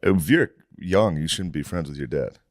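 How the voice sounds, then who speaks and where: Very deep-voiced man, lively and joking. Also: dry recording, clean studio sound. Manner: quick jokey asides and impressions. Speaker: podcast co-host. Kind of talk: casual comedic chat.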